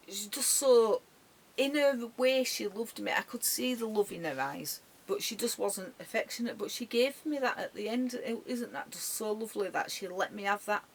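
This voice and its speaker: Tearful woman, halting and emotional. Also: mid-range voice. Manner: halting, emotional, many restarts and soft trailing words. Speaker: dog owner. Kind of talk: emotional personal vlog tribute. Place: sitting in her caravan bedroom.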